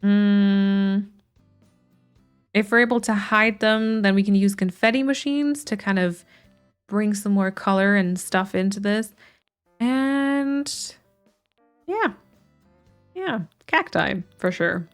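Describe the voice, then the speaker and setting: A woman's voice: mid-range voice, takes it slowly, long pauses, smooth, faint music behind. A woman streamer chatting casually while playing a game, thinking aloud with restarts and light laughs.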